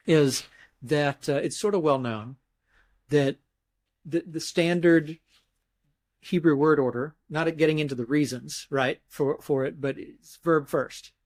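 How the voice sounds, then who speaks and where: A man's voice: on the high side, a little mellow. A man being interviewed as a scholar, explaining grammar thoughtfully step by step, often restarting phrases and demonstrating emphasis with his voice. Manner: mimics emphasis with his voice in examples. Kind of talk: academic explanation in conversation.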